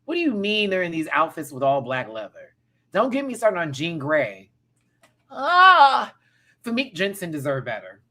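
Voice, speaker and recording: A man's voice: on the high side, huge pitch swings, moderate pace, a bit bright. A man in his thirties hosting a casual pop-culture rant, sassy and campy with frequent laughs. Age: 30s. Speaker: host.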